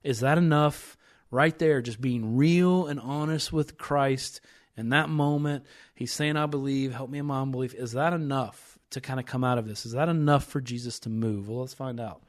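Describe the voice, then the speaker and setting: A man in a relaxed faith conversation, speaking at an ordinary middle pitch. He thinks out loud, circles back on his words, and leans into the scripture passages he reads aloud. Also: moderate pace, hardly any pauses. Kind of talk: casual faith discussion.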